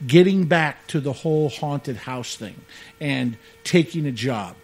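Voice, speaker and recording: A man's voice: mid-range voice, animated, measured pace, breathy edge. A man co-hosting a radio show, chatting casually in a rambling, joking way and often saying "man". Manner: rambling, jokey, says "man" a lot. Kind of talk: casual chat.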